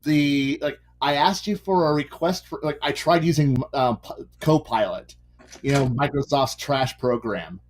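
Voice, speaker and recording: A man's voice: fairly high pitch, unhurried, slight background noise. A man chatting casually while painting miniatures, ranting and swearing as he goes. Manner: ranting, profane, restarts sentences. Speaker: hobby miniature painter hosting a stream.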